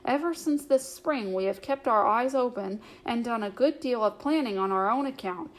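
Merry, a shrewd and caring young male hobbit, coaxes his friend along in a knowing tone, as a woman reads him aloud from a storybook. The voice sits fairly high. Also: moderate pace, close to an everyday voice.

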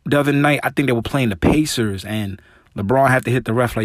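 A podcast host talks quickly at medium pitch, alone and casual, peppering his speech with "man" and "you know." He's an adult with small children who grows heated and emphatic when ranting, and the studio sound has no room echo.

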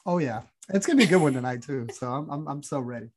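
Low-voiced, emphatic woman co-host. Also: lively intonation, fast, a little mellow, slightly rough. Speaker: podcast co-host. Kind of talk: casual chat.

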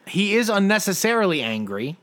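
Lively, dry-witted man. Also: high-pitched, brisk. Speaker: podcast co-host. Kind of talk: casual movie chat.

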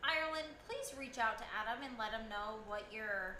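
A woman's voice: a little high, moderate pace, a loud crowd. A young woman, a recurring podcast guest, chatting casually, brash and teasing, swearing freely. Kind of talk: casual chat. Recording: echoey room with noise.

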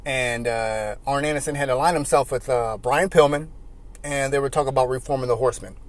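A man hosting casual commentary and telling animated stories with frequent laughter. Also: mid-range voice, fairly quick. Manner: animated storytelling, laughing often. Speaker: host.

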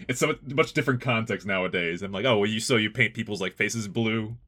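Male co-host, joking, bright tense tone. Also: lowish voice, brisk. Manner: joking, laughs often. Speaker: podcast co-host. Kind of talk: casual chat.

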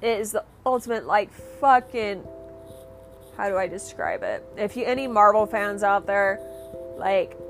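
A woman's voice: medium pitch, a little slow, faint music behind. A young woman hosting her own podcast, rambling and swearing through a casual, enthusiastic rant. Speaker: podcast host.

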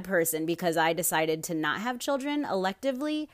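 A woman's voice: fairly low pitch, very animated, a little fast. A young woman hosting her own podcast, rambling in casual chat, swearing freely and getting worked up with outrage. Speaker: podcast host. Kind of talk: casual solo podcast talk.

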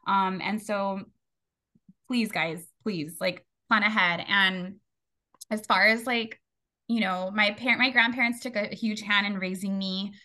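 Bright-voiced grieving woman podcast host. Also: medium pitch, a little slow. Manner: candid, animated, swears freely. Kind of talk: casual conversational storytelling.

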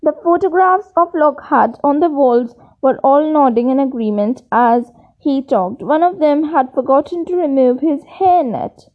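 A woman with a high voice reads a storybook chapter aloud at an unhurried, slow pace, now and then stumbling and restarting a word. The recording is dull and lo-fi. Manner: unpolished reading with frequent restarts. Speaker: audiobook reader. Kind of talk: read-aloud storybook narration.

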